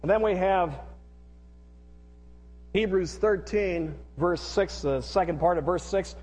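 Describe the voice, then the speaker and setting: A middle-aged male pastor preaches with earnest repetition and leads call-and-response. His voice sits high for a man. The long reverb of a large hall trails after every phrase. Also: slow, darkish tone. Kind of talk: sermon.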